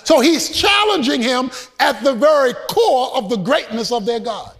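High-voiced preacher man, sing-song delivery. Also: expressive, moderate pace. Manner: emphatic, shouted preaching with a sing-song cadence; humorous, folksy asides. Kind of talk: sermon.

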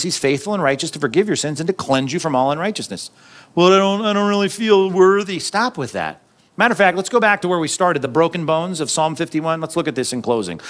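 A man's voice: a little high, a bit bright. Conversational preacher, a man. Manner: conversational preaching with frequent "right?" asides and acted quotes. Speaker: pastor. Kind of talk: sermon.

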